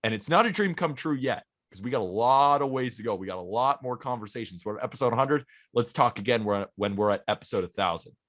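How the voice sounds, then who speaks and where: A man's voice: medium pitch, lively intonation, quick pace, hardly any pauses, a bit bright. A man in his twenties co-hosting a casual podcast, earnest and eager, talking in long runs. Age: 20s. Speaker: podcast co-host.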